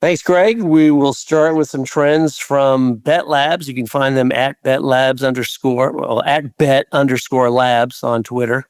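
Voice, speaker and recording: A man co-hosting a sports betting podcast, briskly reading through trends and numbers with the odd filler. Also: medium pitch, fairly even intonation, smooth, no echo. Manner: brisk, numbers-heavy delivery with filler uhs. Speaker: podcast co-host.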